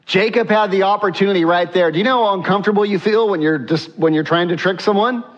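Pastor guy preaching, chatty and questioning, a bit high, muffled recording. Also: expressive, moderate pace. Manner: conversational, asks the congregation questions, acts out quotes. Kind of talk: sermon. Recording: dull lo-fi sound.

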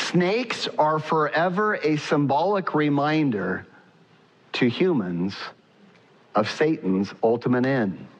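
Male pastor, sermon, slow deliberate delivery, animated, many fillers, somewhat muffled recording. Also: a little high, long reverb tail. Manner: animated preaching with frequent "uh" fillers and rhetorical questions. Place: church sanctuary.

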